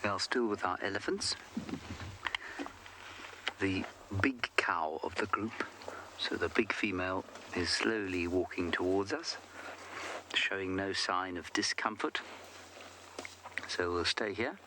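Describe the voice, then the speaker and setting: A man's voice: low voice, slow, long pauses, noisy background. A man working as a safari guide, chatting playfully and answering viewers' questions on a live wildlife broadcast from outdoors in the bush. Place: outdoors on a game drive in the bush.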